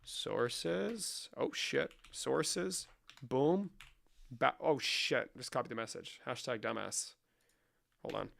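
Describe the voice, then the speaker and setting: A man's voice: mid-range voice, measured pace, creaky, fairly bright tone. A man rambling through a comedic vlog in a profane, mock-serious, running banter. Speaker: comedic creator. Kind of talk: comedic screen-share vlog.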